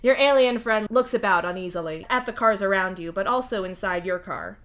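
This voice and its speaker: A woman reading fan fiction aloud in a steady, wry second-person narration. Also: medium pitch, fairly quick. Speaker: fanfic reader.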